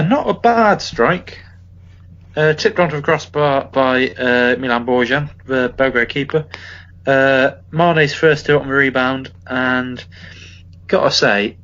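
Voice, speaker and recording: A man of middle pitch co-hosting a casual podcast, who rambles along with plenty of ums and restarts. The audio sounds dull and lo-fi, its top end rolled off. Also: fairly bright tone. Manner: rambling, many fillers and restarts. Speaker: podcast co-host. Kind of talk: casual football chat.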